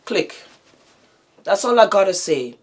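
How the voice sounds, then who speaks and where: A woman's voice: medium pitch, big pitch swings, unhurried, a little mellow, husky. A woman vlogger talking to her viewers in impassioned commentary, emphatic and indignant, repeating phrases for force.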